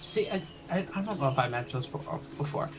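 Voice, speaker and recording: A man's voice: a little high, expressive, fast, background noise. Rambling, hesitant let's play guy. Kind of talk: casual gameplay chat.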